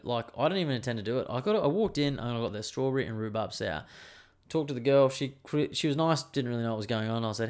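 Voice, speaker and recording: A young man hosting a podcast, telling a story in an animated, swearing, casual way. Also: medium pitch. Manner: animated, swears freely, lots of fillers. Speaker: podcast host.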